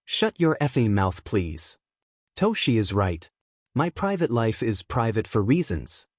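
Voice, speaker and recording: A man voicing a shy teenage boy who speaks calmly and firmly. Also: lowish voice, measured pace, no room sound, clean studio sound. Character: shy teenage boy, finally standing firm.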